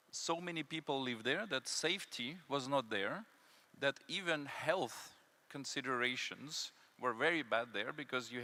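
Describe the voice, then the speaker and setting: A man's voice: mid-range voice, bright, forceful tone. A man speaking on a conference panel as a city development consultant, emphatic, repeating key words, with many fillers. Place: conference hall.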